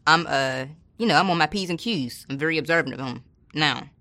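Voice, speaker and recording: A woman's voice: sits low, a little fast, bright, forceful tone. A woman, a former corrections officer, telling a story in a colloquial, casual way and acting out the people she quotes.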